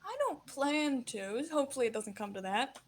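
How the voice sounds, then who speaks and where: A woman's voice: a little high, normal speed. A woman voicing a condescending middle-aged male villain in a tabletop game, who calls others darling. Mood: smug.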